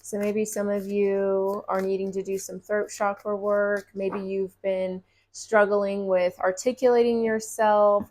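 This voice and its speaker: A woman giving a collective tarot reading in a casual, reassuring, conversational way, with drawn-out pauses. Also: medium pitch, little pitch movement, darkish tone. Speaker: tarot reader.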